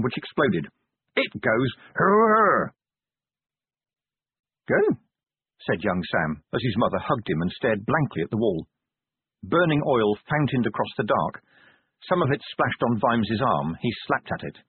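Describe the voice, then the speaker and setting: Husky male audiobook narrator. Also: dry recording. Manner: measured storytelling with lively pitch. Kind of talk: scripted narration of a novel. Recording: phone-like lo-fi audio.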